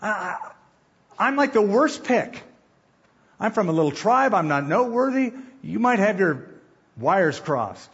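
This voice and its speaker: A man's voice: high-pitched, sing-song, unhurried, a bit bright, slightly rough, lo-fi sound, voice pushed up, exaggerated voice. A preacher voicing a humble young man who stammers and runs himself down as unfit to be king. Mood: flustered. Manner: flustered, stammering, self-deprecating.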